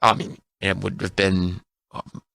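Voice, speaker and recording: A man in his thirties spins a funny tale on the air, animated and quick to laugh. His voice sits on the low side but rings bright and forceful. The studio sound is dry and close. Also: gravelly, dry recording. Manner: storytelling, animated, laughs often. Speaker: radio co-host. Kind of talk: casual radio banter. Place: radio studio.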